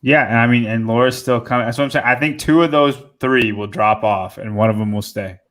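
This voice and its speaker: Male podcast guest, mid-range voice, measured and confident. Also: mid-range voice, fairly bright tone. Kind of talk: casual podcast chat.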